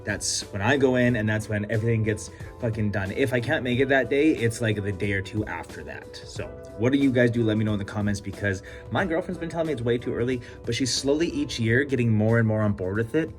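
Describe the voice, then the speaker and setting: A man's voice: medium pitch, quick pace, few pauses, faint music behind. A young man vlogging, telling stories in a loose, chatty way full of casual swearing. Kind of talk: casual vlog storytelling.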